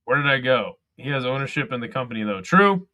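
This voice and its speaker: A man hosting a live fight commentary stream from home, excitable and profane, laughing often. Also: mid-range voice, fast talker, dry recording, studio quality. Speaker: host.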